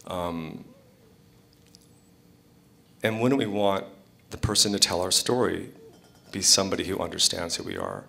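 A man's voice: deep voice, expressive, measured pace, gravelly, pauses often, bright, forceful tone. A man candidly telling a rambling personal story on stage at a live storytelling event, with many fillers and restarts.

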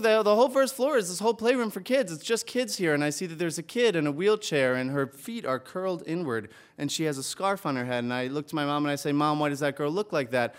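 A man with a high, light voice tells a true story from a stage, lively and comic, and turns tender near the end. He performs it live before an audience. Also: clear, resonant tone. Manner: animated, comic, builds to heartfelt.

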